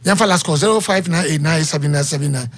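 Lively Ghanaian radio sports host. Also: male voice, a little high, fast talker. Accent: Ghanaian English. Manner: energetic, repeats phone number, chatty. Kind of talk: live call-in radio banter.

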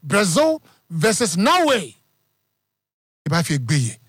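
Ghanaian male sports radio host, upbeat call-in banter, higher voice, dry studio sound. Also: slow pace, breathy edge, no room sound. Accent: Ghanaian English. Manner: energetic, repeats phone number, chatty.

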